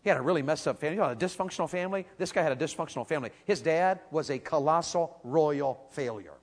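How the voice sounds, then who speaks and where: A man preaching a sermon, telling a story with animated energy, asking the crowd questions and building to shouts. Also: fairly high pitch, fast talker, long reverb tail. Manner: asks the audience questions.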